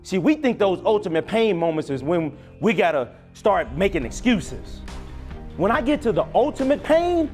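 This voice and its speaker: A young man giving a motivational keynote on a conference stage, swinging from loud to near-whisper with a preacher-like cadence. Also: high-pitched, big pitch swings, normal speed, soft background music. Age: young adult. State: choked up and crying at times. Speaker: motivational speaker.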